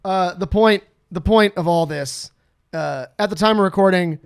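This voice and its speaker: A man's voice: high-pitched, moderate pace, gravelly, clean tone, no room sound. Wry man co-hosting a podcast, dry sound. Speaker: podcast co-host, bar owner. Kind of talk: casual chat.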